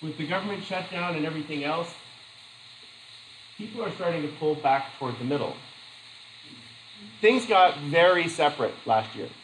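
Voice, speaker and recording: A man lecturing a class in a slightly high voice, chatty and animated, stopping to tell stories and laugh at them. The room is echoey and a faint hum sits behind him. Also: moderate pace, pauses often. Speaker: teacher.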